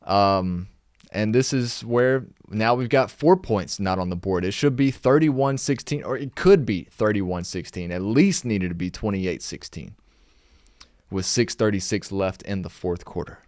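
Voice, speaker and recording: A man's voice: on the low side, a little slow, a little mellow, dry recording, clean studio sound. A young man hosting a casual live-stream recap, reading from his notes and firing off exasperated rhetorical questions. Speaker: podcast host recapping games.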